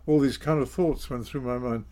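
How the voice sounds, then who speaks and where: An older man, telling his story in a measured, self-deprecating way in an interview. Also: medium pitch, steady tone, warm tone. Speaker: interview guest, former politician. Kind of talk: reflective storytelling.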